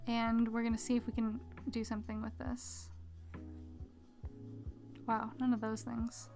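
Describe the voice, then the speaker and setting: A woman streaming her drawing, chatting casually with viewers and muttering quietly to herself as she works at a mic with a pop filter. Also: a little high, little pitch movement, a little slow, faint music behind. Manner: chatty, reads chat aloud, mutters quietly to herself while working. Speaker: art streamer. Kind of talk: casual live-stream chat while drawing. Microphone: desk mic with pop filter.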